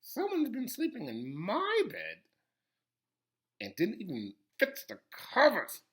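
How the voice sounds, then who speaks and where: A man's voice: sits high, wildly swooping pitch, slow pace, fairly bright tone, voice pushed up, full character voice. A man voicing a middle-sized mama bear in a wry, slightly fussy tone.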